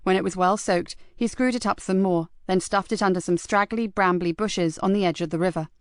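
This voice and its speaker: A woman reading a crime audiobook in a measured, even voice. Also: mid-range voice, smooth, no echo, studio quality. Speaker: audiobook narrator. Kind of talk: scripted narration.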